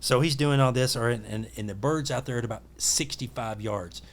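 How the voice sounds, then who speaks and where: A man with a drawl tells a long story as a podcast guest. He talks at a mid pitch and plays out every part of the story with energy. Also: fairly quick. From Tennessee. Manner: lively storyteller who acts out his own quotes. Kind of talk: animated hunting storytelling.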